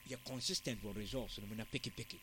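A man giving football analysis on a sports talk show, in a measured, analytical way. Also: fairly low pitch, a bit bright, a little hiss or hum.

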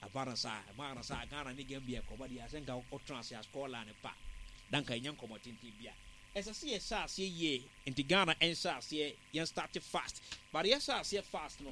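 A man giving football analysis on a sports talk show, in a measured, analytical way. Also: medium pitch, sharp tone, slight background noise.

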